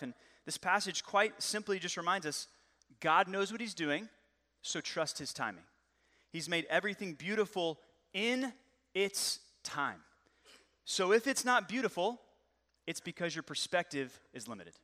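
A man in his thirties, a pastor preaching a lively, joking, conversational sermon. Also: high-pitched, a little slow. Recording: long hall reverb.

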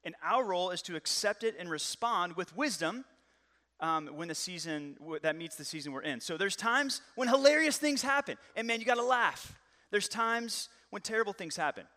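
Bright-voiced man preaching a lively sermon. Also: high-pitched. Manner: lively, joking and conversational. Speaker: pastor. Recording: long hall reverb.

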